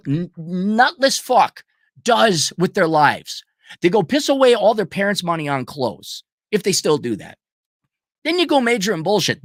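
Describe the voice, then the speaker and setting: A middle-aged man ranting in a profane, mocking monologue, often mimicking people in a high falsetto. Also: fairly bright tone, no echo, clean studio sound. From United States. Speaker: channel host.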